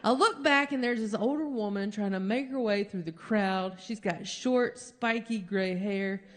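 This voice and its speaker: A woman telling a long comic story on stage as a stand-up comedian, animated and jumping high in pitch when she acts out quotes. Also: measured pace.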